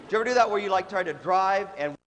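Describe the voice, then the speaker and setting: A man giving a joking, animated leadership workshop to a student audience in a large hall. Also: high-pitched. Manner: animated, joking, acts out quick voices and sudden shouts. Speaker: leadership speaker. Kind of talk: motivational workshop talk. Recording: echoey hall, faint room noise.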